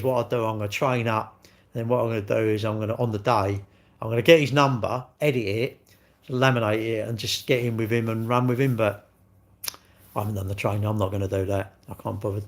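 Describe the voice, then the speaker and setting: A man, chatting casually on a live stream and telling rambling, sweary stories while answering viewers. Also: mid-range voice. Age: 60s.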